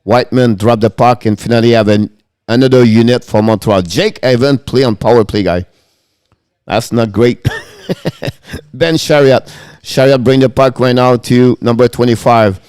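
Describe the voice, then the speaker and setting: A man's voice: medium pitch, unhurried, a little mellow, smooth, dry recording, studio quality. A man hosting a live-stream hockey show, calling the play-by-play in broken English and laughing often.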